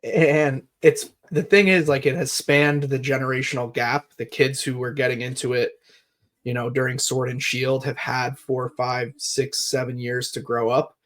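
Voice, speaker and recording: A man's voice: medium pitch, flat delivery, moderate pace, fairly bright tone. A man in his thirties co-hosting a podcast, explaining in a rambling way with many fillers. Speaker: podcast co-host. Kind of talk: casual chat, market talk.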